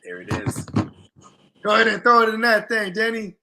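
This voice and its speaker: Young male co-host; loose, profane banter, high and edgy. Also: huge pitch swings, normal speed, pushed and bright. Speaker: podcast co-host. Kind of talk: casual sports chat.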